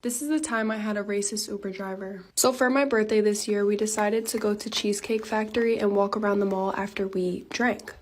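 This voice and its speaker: A woman's voice: medium pitch, steady tone, brisk, few pauses, a little hiss or hum. A young woman telling a storytime in a laid-back, conversational way, laughing easily. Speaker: storytime TikToker. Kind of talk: casual storytime monologue.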